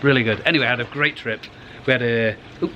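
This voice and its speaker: A man's voice: mid-range voice, fast talker, lo-fi sound, background noise. A middle-aged man, chatting casually to camera beside his garden pond, rambling and restarting his phrases. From United Kingdom. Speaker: koi pond vlogger. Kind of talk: casual vlog.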